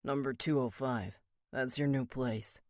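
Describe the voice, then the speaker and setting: A man voicing a gruff, crude biker. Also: fairly even intonation, measured pace, a little mellow, dry recording, clean studio sound, lightly acted. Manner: crude, swearing, low growl. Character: rough male biker, blunt and defiant. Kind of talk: audiobook character reading.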